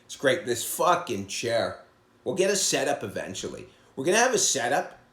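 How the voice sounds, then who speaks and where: Profane comedian ranting in echoey room. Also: male voice, wildly swooping pitch, normal speed. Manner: profane, blunt, swings between loud outbursts and low mutters. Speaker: comedian and podcast host. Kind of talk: casual monologue rant.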